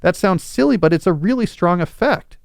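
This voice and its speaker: A man's voice: sits high, animated, moderate pace, creaky, dry recording, studio quality. A man hosting a podcast, explaining advice in a reasoned, conversational way. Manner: reasoned, conversational, acts out quoted scenarios. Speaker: podcast host.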